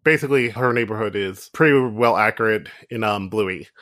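A man's voice: lowish voice, fairly quick, a bit bright, no room sound, studio quality. A man guesting on a comedy podcast, easygoing and a bit hesitant, with fillers. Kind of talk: casual chat.

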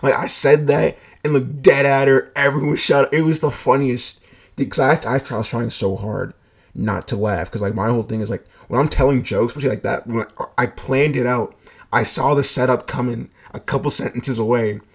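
A young man with a gravelly, husky voice hosts his own podcast, spinning a casual story. His delivery is blunt and profane, with a joking edge. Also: medium pitch, fairly even intonation, a little fast. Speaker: podcast host.

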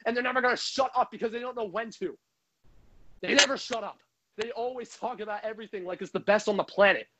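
A man's voice: sits high, quick pace, very noisy. A man delivering a heated, profane sports rant as a frustrated hockey fan, speaking into a microphone. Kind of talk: ranting sports commentary.

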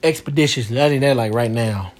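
A man's voice: medium pitch, brisk, a crowd in the background. A man chatting casually with his child, teasing and joking in a loose, slangy way. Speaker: parent.

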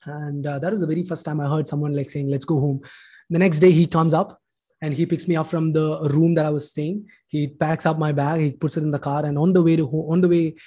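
Brief: man in his 30s from India, emotional personal testimony, voice sits a little high. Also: little pitch movement, brisk, warm tone. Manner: emotional storytelling, acts out dialogue. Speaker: speaker sharing testimony.

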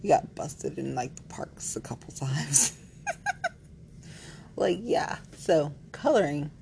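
Speaking slowly in a low, creaky, mellow and expressive voice, a female vlogger talks frankly to camera in a rambling, playful way, giggling a little and leaning heavily on "like." The audio quality is poor, with slight background noise.

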